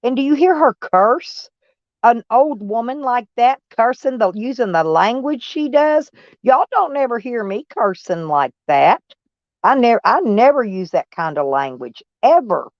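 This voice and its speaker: A woman's voice: a little high, sing-song, a little slow, no room sound, highs cut off. A woman chatting casually on a live stream, folksy and blunt, answering viewers' comments by name and swearing mildly. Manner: blunt, peppered with mild cursing.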